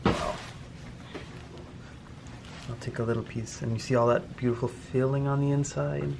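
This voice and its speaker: A man's voice: mid-range voice, steady tone, moderate pace, vocal fry, darkish tone. A young man hosting a casual food vlog, talking straight to his viewers in an upbeat way. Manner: upbeat, addresses viewers directly. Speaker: vlog host. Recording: noisy handheld camera audio.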